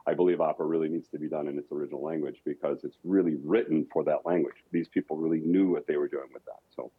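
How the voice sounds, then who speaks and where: A man's voice: rumbling low, steady tone, fast, husky. A man from rural Colorado, an opera singer guest, explaining his craft in a reflective, thoughtful way. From rural Colorado, USA. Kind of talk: casual interview talk. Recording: dull lo-fi audio.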